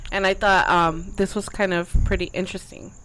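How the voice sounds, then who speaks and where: A woman co-hosting a podcast in casual chat, giggly and animated as she leads a segment. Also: on the low side, fairly quick, poor audio. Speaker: podcast co-host. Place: backyard.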